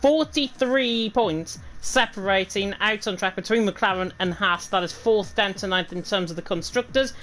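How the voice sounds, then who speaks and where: A woman's voice: medium pitch, normal speed, few pauses, a bit bright, slight background noise, low-quality recording. A woman with a Northern English accent giving chatty, self-deprecating live commentary on a racing league. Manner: chatty, self-deprecating, fluent reading of standings. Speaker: race commentator.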